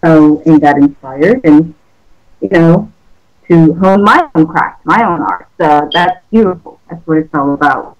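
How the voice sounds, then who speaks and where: A woman hosting a casual interview, effusive and quick to laugh. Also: sits low, highs cut off. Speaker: interview host. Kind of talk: casual chat.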